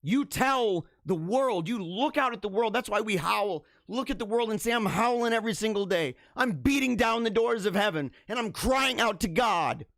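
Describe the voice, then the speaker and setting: Male host, fervent preachy delivery with big loud-soft swings, somewhat high voice. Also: expressive, normal speed, gravelly, few pauses, dry recording, studio quality. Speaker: host of a live religious show. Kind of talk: impassioned live-stream monologue.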